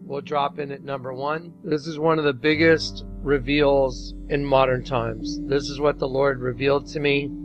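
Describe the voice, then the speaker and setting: A man's voice: mid-range voice, little pitch movement, normal speed, hardly any pauses. Earnest man narrating over dull, lo-fi audio. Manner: earnest, pointing out details step by step. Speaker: presenter and narrator. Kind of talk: narrated commentary over images. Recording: dull, lo-fi sound with music.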